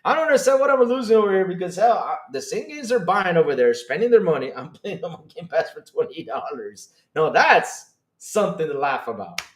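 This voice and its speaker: A man hosting a live stream, reading chat aloud and reacting with excitable disbelief and frequent laughter. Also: sits high. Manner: excitable, incredulous, laughing, rapid swings in loudness.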